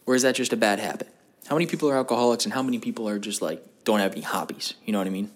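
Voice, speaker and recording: A man's voice: on the low side, very fast. A young man hosting a vlog, talking in a rambling, casual monologue with lots of swearing and jokes that wander off topic. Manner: crude, profane and jokey, wandering off topic. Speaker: vlog host.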